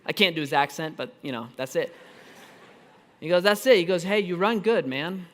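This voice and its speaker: A high-voiced man in his thirties preaches a storytelling sermon, animated and self-deprecating. He breaks into quick asides and restarts. His voice rings with a long reverb through a church auditorium. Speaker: pastor.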